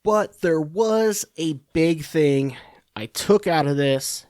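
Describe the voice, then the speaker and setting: A man's voice: a little high, lively intonation, slow pace, darkish tone, no echo, studio quality. A man hosting a podcast, giving rambling, sarcastic political commentary full of swearing and restarts. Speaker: podcast host.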